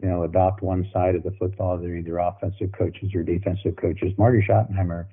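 Older guy, ex football coach telling stories, very low husky voice, sounds like it's on a phone line. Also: flat delivery, fairly quick. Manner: folksy, repeats words while telling anecdotes. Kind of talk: storytelling guest on a podcast.

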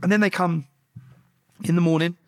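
A man's voice: high voice, fairly even intonation, normal speed, a little mellow. A man bluntly recounting his experiences as an interview guest, swearing freely and restarting his sentences often. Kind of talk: casual storytelling.

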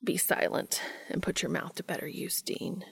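A woman voicing a calm, earnest male angel who talks softly and breathily in formal phrases. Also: on the low side, moderate pace, gravelly, husky, exaggerated voice. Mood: breathless.

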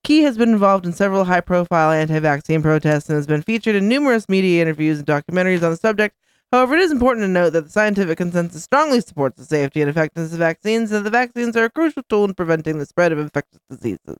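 A woman's voice: fairly low pitch, lively intonation, very fast, smooth, no echo. A woman podcast guest in casual chat, reading chatbot answers aloud and laughing often.

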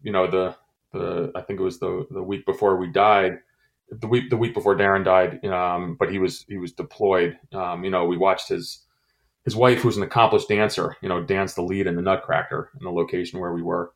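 A middle-aged man with a very low, deep voice speaks in an interview. He talks haltingly, full of fillers and restarts, with emotion close under the surface. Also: little pitch movement, creaky. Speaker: former intelligence station chief. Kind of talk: interview, personal recollection.

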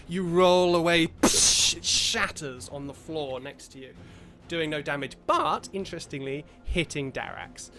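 British male game master, slightly raised pitch, hushed descriptive narration over background music. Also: measured pace. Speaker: dungeon master.

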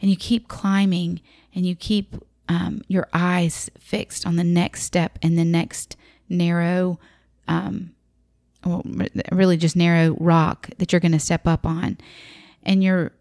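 Woman, lowish voice, dry close sound, reflective and vivid storyteller. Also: flat delivery, takes it slowly, a little mellow, no echo. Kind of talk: personal storytelling talk.

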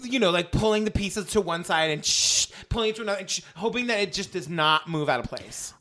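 A man's voice: sits high, expressive, brisk, pushed and bright. A man co-hosting a podcast in casual comic chat, agreeing often and laughing readily. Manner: agreeable, laughs a lot, frequent backchannel. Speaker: podcast co-host.

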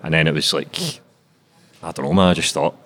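A young man with a broad Glaswegian accent talks in a low, rapid voice. His chat is loose and full of swearing. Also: a bit bright. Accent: Glaswegian Scottish. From Glasgow, Scotland. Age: 20s. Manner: swears often, laid-back and chatty. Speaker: guest author. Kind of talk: casual interview chat.

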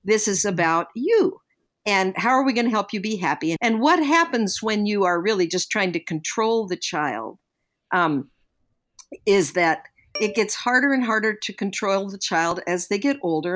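A woman's voice: medium pitch, expressive, moderate pace, fairly bright tone. An older woman, a guest on a podcast, reflectively telling parenting stories and acting out the voices of people she quotes. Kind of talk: podcast conversation.

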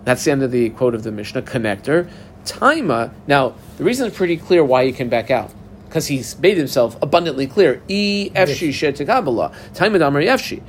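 A man's voice: mid-range voice, lively intonation, fairly quick, slight background noise. A man leads a Talmud study session in an orderly, step-by-step way. He reads short Aramaic phrases, translates them and tells learners exactly how to mark the text. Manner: methodical, guides text markings step by step. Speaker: Talmud teacher.

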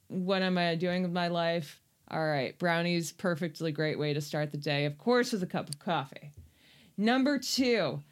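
A woman co-hosting a podcast in casual chat, playful and self-mocking. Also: fairly low pitch. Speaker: podcast co-host.

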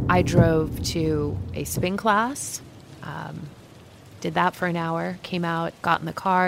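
A woman's voice: deep voice, creaky. A middle-aged woman, an interview guest, earnestly retelling a personal ordeal and acting out the voices she heard. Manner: earnest, vivid, acts out quoted voices.

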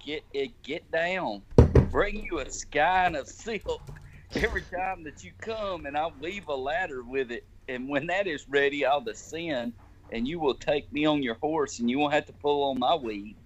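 A man's voice: on the high side, moderate pace, muffled recording, a little hiss or hum, close to an everyday voice. A man reading as the maiden Rapunzel. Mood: earnest. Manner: awkward amateur reading, breaking into laughs. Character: young maiden Rapunzel, gentle and shy.

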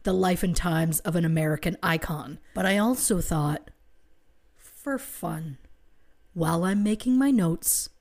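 A woman co-hosting a casual podcast, rambling along in quick, chatty bursts. Her voice sits a little on the low side. She talks like she's telling a friend about her week. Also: a little mellow. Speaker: podcast co-host. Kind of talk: casual chat.

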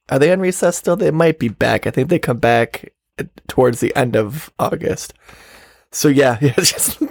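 Man, podcast co-host, gravelly voice, dry close sound, casual sarcastic chat. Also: a little high, dry recording. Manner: sarcastic, swears freely.

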